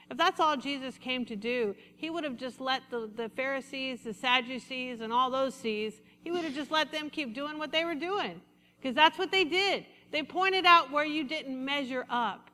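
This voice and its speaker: A woman pastor preaching a sermon, leading the congregation in call-and-response and slowing down for emphasis. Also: high-pitched, pushed and bright. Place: church sanctuary. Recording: reverberant hall.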